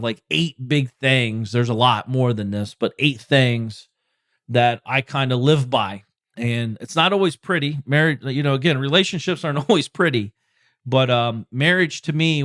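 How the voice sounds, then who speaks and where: A man's voice: medium pitch, dry recording, clean studio sound. A man in his forties hosting a solo podcast, talking bluntly and with plenty of swearing, in a loose, rambling way full of "like" and "you know", giving motivational advice. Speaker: podcast host.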